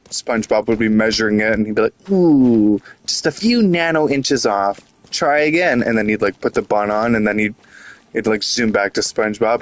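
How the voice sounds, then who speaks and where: A man giving casual commentary while playing a video game, frustrated, rambling and swearing. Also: on the low side. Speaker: gaming YouTuber.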